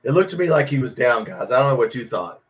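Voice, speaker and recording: A man's voice: mid-range voice, expressive, fast. A man hosting a live football watch party, reacting to every play with frustration and swearing at players and referees. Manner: frustrated, swearing, yelling at the game. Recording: dull lo-fi stream audio.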